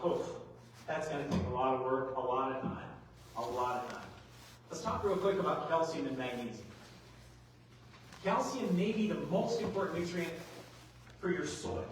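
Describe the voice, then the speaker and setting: Animated man in echoey hall. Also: a little high, a little hiss or hum. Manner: animated, folksy storytelling with rhetorical questions. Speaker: agronomy speaker. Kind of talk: workshop presentation. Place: large hall. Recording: echoey hall, mic far off.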